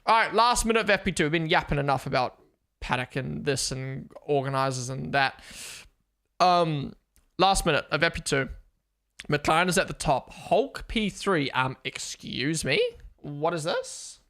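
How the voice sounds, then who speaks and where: Bright-voiced excitable young man. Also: a little high, moderate pace. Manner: excitable, swears, thinks aloud. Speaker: streamer hosting a race watchalong. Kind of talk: casual live commentary.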